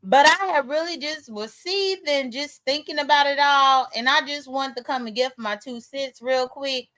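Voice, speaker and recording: A woman's voice: sits high, normal speed, sharp tone. Blunt, profane woman live-streaming. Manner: talks straight to viewers as "y'all". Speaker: livestream host. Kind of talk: casual live-stream commentary.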